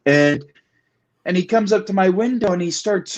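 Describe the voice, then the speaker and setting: A man with a fairly high-pitched voice talks his way through a political discussion. He hammers points home by repeating them and lets his stories grow animated as he goes. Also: normal speed. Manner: emphatic, repetitive, animated storytelling. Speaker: guest. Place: Puget Sound area.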